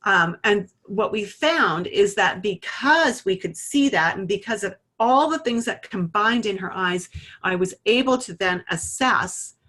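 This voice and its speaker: A woman's voice: medium pitch, animated, unhurried, a bit bright. A woman teaching iridology, walking through a client case in a conversational way and narrating a live demonstration. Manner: conversational, talks through a case story and adjusts a camera while speaking. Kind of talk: explanatory lesson with a live demonstration.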